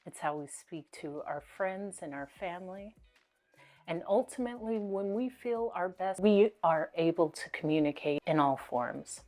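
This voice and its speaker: A woman speaking coach giving motivational speaking tips, deliberate, pausing often and repeating key words. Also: on the low side, lively intonation, darkish tone, faint music behind.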